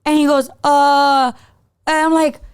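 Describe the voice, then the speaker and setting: Woman, podcast co-host, casual storytelling, smooth clear voice, slightly high. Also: normal speed. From Mexican-American. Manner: animated, filler-heavy storytelling, teasing.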